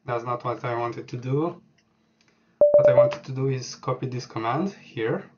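A man walking through a software setup on screen, speaking hesitantly with many filler words as he types. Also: mid-range voice, a little slow, dull audio, very noisy. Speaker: programming tutorial host. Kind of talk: screen-recorded software tutorial.

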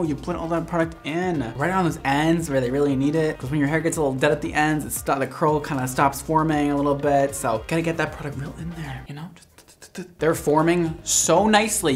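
A hairdresser man giving casual, chatty reaction commentary, prone to sudden dramatic outbursts. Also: a little high.

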